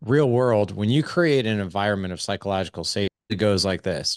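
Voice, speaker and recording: A man's voice: fairly low pitch, fairly quick, no echo, studio quality. A man in his forties, a parenting coach on a podcast, talking casually and with energy, acting out bits of dialogue as he goes. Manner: energetic, acts out quoted dialogue; casual, swears lightly. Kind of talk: casual interview conversation.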